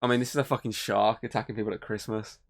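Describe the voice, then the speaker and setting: A podcast co-host talks casually and at length about a film in a creaky, fairly even voice at a quick pace. He rambles, swears often and mimics voices in a high pitch as part of the movie review chat.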